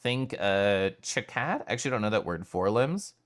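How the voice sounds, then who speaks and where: At normal speed and with a lowish voice, a streamer talks casually and energetically to his audience, swearing from time to time.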